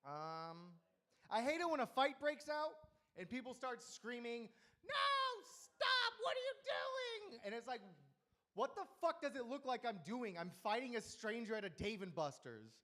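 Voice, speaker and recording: A young man doing a rambling, crude stand-up set at an open mic with deadpan punchlines. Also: very high voice, normal speed. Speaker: stand-up comedian.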